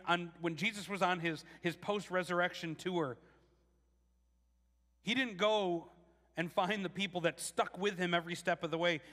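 A man preaching a casual, animated sermon, restarting phrases often and acting out quotes. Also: on the high side, in a large hall. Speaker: pastor.

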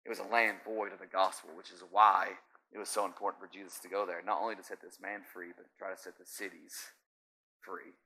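A man preaching a sermon as pastor, swinging from hushed intensity to shouting and quizzing his congregation with call-and-response questions. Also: low voice, level tone, fast, breathy edge.

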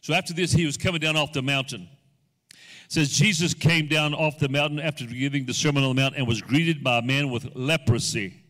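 A man preaching a sermon as guest speaker. He goes from soft, slow asides to loud, rising exhortation, and he acts out the people he quotes in his own voice. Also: fairly high pitch, big-room sound.

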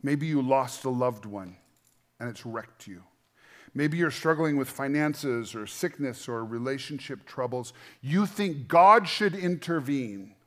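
A man's voice: mid-range voice, unhurried. Earnest middle-aged male pastor preaching. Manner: earnest, conversational preaching with restarts and dynamic swings between quiet and loud. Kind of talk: sermon.

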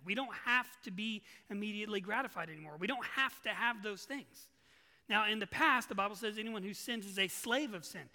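A man's voice: high-pitched, pushed and bright, long reverb tail. A male pastor preaching a sermon in a church, earnest and emphatic, repeating his key phrases.

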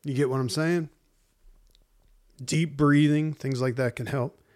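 A man preaching in a casual, conversational sermon, speaking plainly to listeners and slipping into slang and hushed acted-out asides. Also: a little high, fairly even intonation, measured pace. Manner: acts out inner voices in hushed asides. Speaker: pastor.

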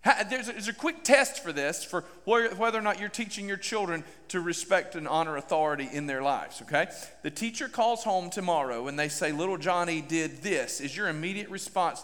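A middle-aged man preaching a sermon to a congregation, animated and asking them direct questions. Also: high-pitched, brisk. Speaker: pastor. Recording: long hall reverb.

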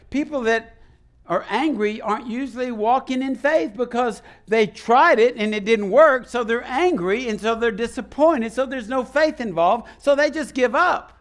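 A man preaching a sermon to his congregation in a church, calling out questions to the people. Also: very high voice. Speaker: pastor. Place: church sanctuary.

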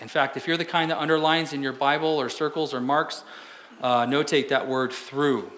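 A pastor preaching a conversational sermon in a church, asking the congregation rhetorical questions. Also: male voice, a little high, steady tone, moderate pace, fairly bright tone. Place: church sanctuary.

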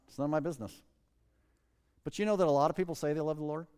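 Pastor guy, slightly high voice, chatty sermon, reads verses slow then explains, big echoey hall. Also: darkish tone. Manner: conversational, asks the congregation many questions. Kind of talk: sermon with scripture reading.

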